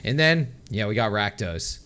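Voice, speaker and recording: A man co-hosting a podcast in casual chat, excitable, swearing a lot and laughing often. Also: on the low side, normal speed, smooth. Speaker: podcast co-host.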